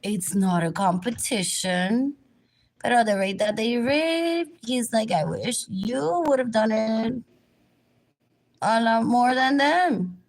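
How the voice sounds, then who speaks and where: Gravelly woman rambling on a livestream. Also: a little high, slow pace. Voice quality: repetitive, drifting between topics.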